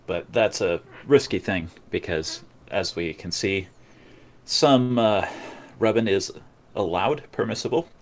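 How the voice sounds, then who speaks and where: Deep-voiced, dry male co-host. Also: measured pace. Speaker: podcast co-host. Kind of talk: casual live commentary chat.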